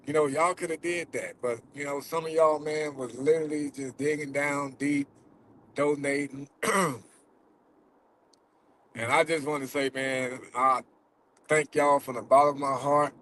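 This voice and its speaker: A man's voice: fairly high pitch, steady tone, a little slow, pauses often, a bit bright, slight background noise, rough recording. Man fighting back tears while talking. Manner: loose and profane, many fillers. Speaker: vlogger who catches predators. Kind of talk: casual vlog talk to viewers. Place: in a car while driving.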